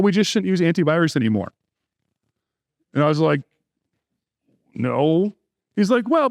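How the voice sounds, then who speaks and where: A middle-aged man presents at a conference in a conversational way, breaking in with joking asides. His voice sits high for a man. The sound is dry and close, with no room echo. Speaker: security conference speaker. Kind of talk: conference talk.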